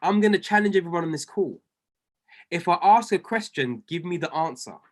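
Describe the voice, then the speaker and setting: A man's voice: high voice, animated, a little fast. A man coaching traders on a group video call, fervent and repetitive, speaking to listeners by name. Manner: fervent, repeats lines for emphasis, addresses listeners by name. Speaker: trading coach.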